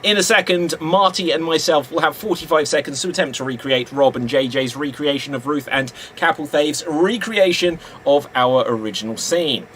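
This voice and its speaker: A man's voice: a little high, normal speed, few pauses, a bit bright, slight background noise. A man hosting a live-streamed improv show, announcing rounds and calling time through giggles.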